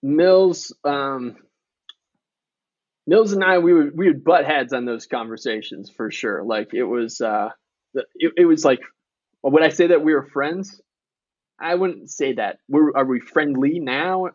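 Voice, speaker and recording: A man in his thirties, an author appearing as a podcast guest, tells candid stories in a casual conversation, swearing often and quoting dialogue. His voice is on the high side and unhurried. The recording has no echo but the highs are cut off.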